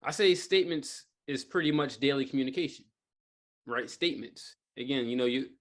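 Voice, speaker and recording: A man presents a live sales training to a group in a training room, his mid-range voice a bit bright and his pace fairly quick. He speaks casually and drifts around, leaning on fillers and rhetorical "right?"s.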